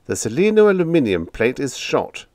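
A flustered young radio operator, squawking and exasperated, as a man puts him on. His voice rides high and animated above the narration. Close, dry recording. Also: normal speed, no echo, lightly acted. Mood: defensive.

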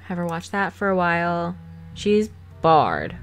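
A woman hosting a game let's play, chatting casually with quick laughs and sarcastic asides, recorded on a desk microphone at home. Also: on the low side, big pitch swings. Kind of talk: casual gameplay commentary.

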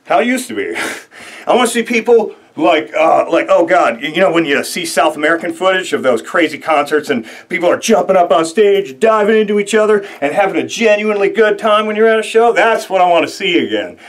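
A young man hosting a show, delivering an excitable comedic rant full of rambling fillers. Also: sits high, quick pace. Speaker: host.

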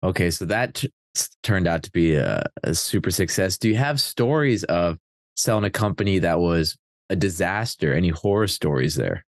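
Deep-voiced male podcast host. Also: animated, normal speed, dry recording, clean studio sound. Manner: probing, restarts questions. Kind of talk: podcast interview questions.

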